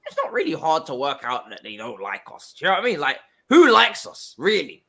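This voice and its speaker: Animated young man, jokey football chat. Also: fairly high pitch, a little fast, vocal fry. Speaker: podcast co-host.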